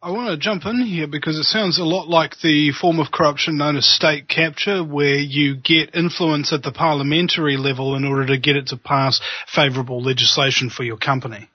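Slightly high dry-voiced male co-host. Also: steady tone, a little fast, hardly any pauses, dry recording, dull audio. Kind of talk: interview commentary.

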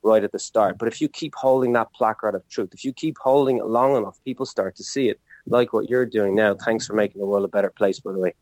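A man's voice: lowish voice, fast, a little mellow, no room sound. A man chatting casually, telling stories with animation, laughing often and acting out the voices of people he quotes. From Ireland. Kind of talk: casual conversation.

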